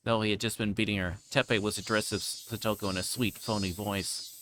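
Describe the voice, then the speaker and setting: A man's voice: fairly low pitch, a little fast, a little hiss or hum. Man reading a story aloud. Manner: plain, steady reading with casual asides. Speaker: streamer reading a visual novel.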